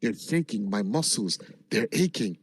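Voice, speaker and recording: A man quoting a bored, unbeatable anime hero in a flat, low-key way. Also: moderate pace, breathy edge, dry recording.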